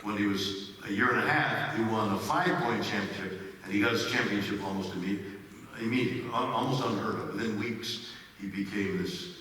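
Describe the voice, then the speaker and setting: An older man telling an animated anecdote on stage, his voice climbing high when excited. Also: a little fast. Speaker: guest speaker. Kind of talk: storytelling on stage. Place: large cinema hall with audience. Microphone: stage microphone, recorded from the audience. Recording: roomy hall from far off, faint noise.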